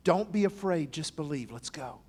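A gentle, tender man speaks in a hushed, soft-spoken way, as a preacher puts him on mid-sermon. The voice sits fairly high for a man, and it stays quiet and close. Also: lively intonation, normal speed, husky.

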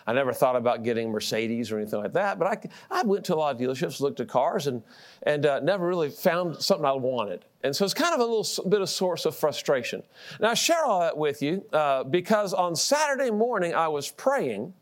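Male preacher, middle-aged, storytelling sermon, very lively pitch, self-mocking laughs. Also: a little fast. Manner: animated storytelling, repeats words, laughs at himself.

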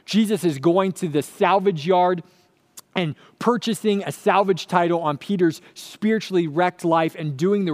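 A man preaching a sermon, earnest and emphatic, repeating his key phrases. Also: on the high side. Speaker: pastor.

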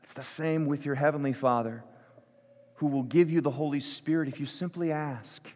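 A man preaching as pastor, slow and measured, his voice swelling for emphasis and dropping to a hush. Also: on the high side, steady tone. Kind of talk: sermon with read-aloud prayer. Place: church sanctuary. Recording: long reverb of a large hall.

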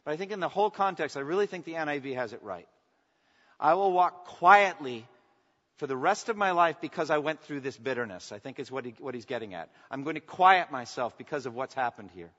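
A man preaching a sermon as pastor, swinging from emphatic declarations to soft, intimate asides and asking the congregation for response. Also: medium pitch, animated, fast talker, hardly any pauses. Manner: preaching with rising emphasis, then dropping to soft, intimate lines. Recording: long reverb, dull lo-fi sound.

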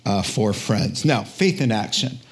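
A man, preaching a lively storytelling sermon, laughing often and dropping to a whisper for quiet lines. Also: on the low side, unhurried, husky. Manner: animated storytelling, acts out quoted voices, drops to a whisper at times, laughs often. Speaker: pastor.

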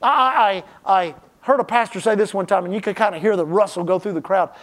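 A man preaching a sermon as pastor, stressing key phrases slowly and then dropping to a hushed tone. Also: sits high.

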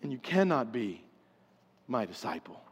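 A man preaching a sermon with passion, swinging from loud pleading to hushed, quiet stretches. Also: mid-range voice, big pitch swings, moderate pace, husky. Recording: long hall reverb.

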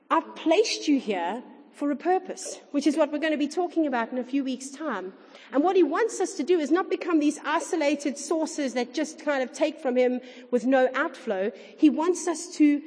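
A woman's voice: sits high, a little mellow, long reverb tail. A woman in her thirties preaching a sermon to her congregation in a chatty way, with rhetorical questions. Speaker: pastor.

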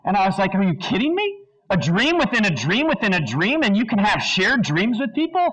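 In a muffled recording, a man with a high, husky voice preaches to a congregation. He's animated and chatty, throwing questions at the audience and slipping into quick movie-line impressions.

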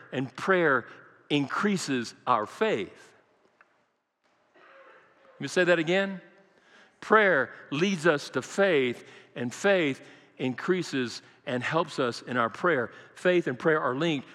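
A man's voice: on the high side, sharp tone, big-room sound. An older man preaching a sermon as pastor, asking the congregation questions and repeating key lines. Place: church sanctuary.

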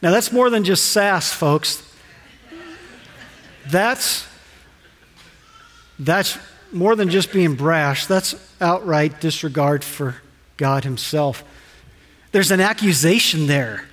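A male pastor preaching a sermon with animated delivery, asking rhetorical questions and acting out quoted lines. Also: a little high, slow pace, long pauses. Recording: reverberant hall.

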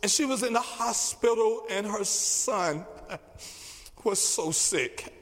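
A man preaching a sermon as pastor, emphatic, repeating key phrases slowly for weight. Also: sits high, fairly bright tone. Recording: long reverb of a large hall.

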